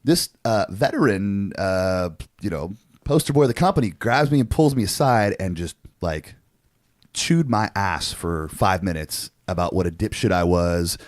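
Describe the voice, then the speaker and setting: A man in his forties, co-hosting a podcast, telling a story in a casual, animated way with lots of swearing and fillers. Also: lowish voice, normal speed, no echo, clean studio sound. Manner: animated, profane, frequent fillers. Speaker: podcast co-host.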